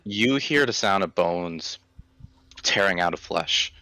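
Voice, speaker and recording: A man narrating a horror tabletop game as game master, with slow, deliberate, vivid description. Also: deep voice, expressive, sharp tone, smooth, no room sound.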